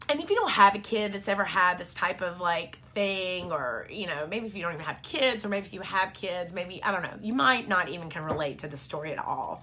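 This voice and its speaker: A woman's voice: lowish voice, expressive, brisk, hardly any pauses, sharp tone. A woman, chatting to camera about her family in a rambling, filler-heavy way. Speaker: vlogger and mom. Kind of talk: casual storytelling to camera.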